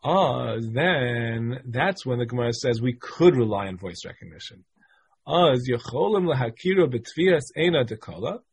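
Husky man teaching a Talmud class. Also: medium pitch, expressive, normal speed. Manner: explains step by step, repeats phrases, reads Hebrew and Aramaic text and translates. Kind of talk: text-based Talmud class.

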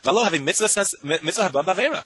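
With a high, slightly breathy voice, a man teaches Talmud to his students in lively rapid bursts, singing the Hebrew and Aramaic texts in a sing-song manner. The low-quality recording has no echo.

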